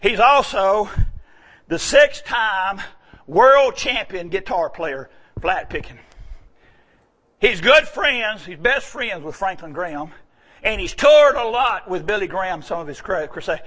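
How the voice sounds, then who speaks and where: A man from the American South preaching a folksy sermon, moving between quiet asides and shouted exclamations. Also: high-pitched, lively intonation, measured pace. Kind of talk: sermon storytelling.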